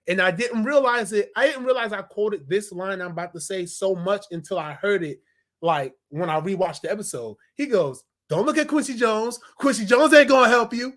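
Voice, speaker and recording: A young man in a casual review vlog, animated and slangy, laughing as he retells scenes. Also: high-pitched. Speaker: TV episode reviewer.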